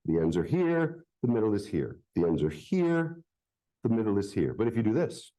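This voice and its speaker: Animated, playful male magician. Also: fairly low pitch, moderate pace, low-quality recording. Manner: playful, joking with the crowd. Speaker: children's magician. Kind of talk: live magic show patter. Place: public library event.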